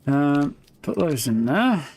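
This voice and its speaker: A man's voice: fairly high pitch, sing-song, takes it slowly, darkish tone, slight background noise. A man giving casual, rambling live gameplay commentary, thinking aloud. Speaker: streamer.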